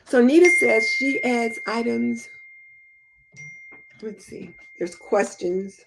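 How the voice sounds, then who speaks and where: A woman's voice: a little high, takes it slowly, gravelly, background noise. A middle-aged woman hosting a home show in casual live-stream chat, reading viewer comments and answering in a chatty, homey, practical way. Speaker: host.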